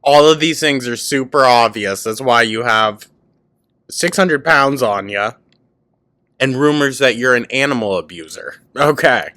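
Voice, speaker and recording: A man hosting a reaction commentary, cutting in with quick mocking, sarcastic asides. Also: medium pitch, lively intonation, sharp tone, no echo. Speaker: commentary host.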